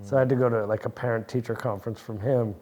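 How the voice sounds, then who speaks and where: A man's voice: medium pitch, steady tone, fast talker, a little mellow. Man, 40s, from New Jersey. Interview guest: loose, rambling, swears a lot, laughs easily. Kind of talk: casual chat.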